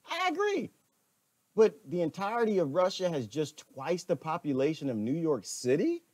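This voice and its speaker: Animated man ranting on a livestream. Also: fairly high pitch, dry recording. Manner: animated, laughing, talks back to chat comments. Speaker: livestream host. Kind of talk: casual livestream rant.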